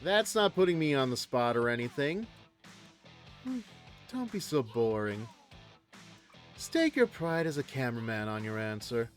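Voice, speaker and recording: A man's voice: mid-range voice, big pitch swings, a little slow, pauses often, soft background music. A man streaming a visual novel, reading the dialogue aloud and making rambling, jokey asides. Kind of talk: reading game text aloud and commenting.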